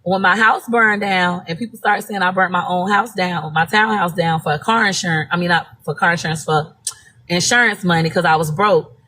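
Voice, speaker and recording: A woman's voice: lowish voice, normal speed, pushed and bright, slight background noise. A woman from Florida, telling stories bluntly and profanely in a casual live-stream monologue. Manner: blunt, profane, emphatic storytelling. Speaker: social media personality.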